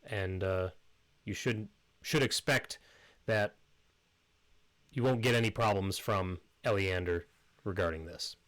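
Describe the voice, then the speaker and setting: Man doing a formal councilman, measured, low voice, dry close sound. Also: a bit bright, no room sound, low-quality recording. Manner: formal and measured, with hesitant fillers.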